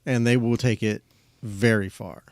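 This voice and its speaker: A man's voice: lowish voice, fairly even intonation, a little slow, a little mellow, no room sound, studio quality. A man hosting a podcast, chatting casually with his guest in an easygoing way, often restarting his sentences. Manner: easygoing, with frequent restarts and fillers. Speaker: podcast host. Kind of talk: casual conversation.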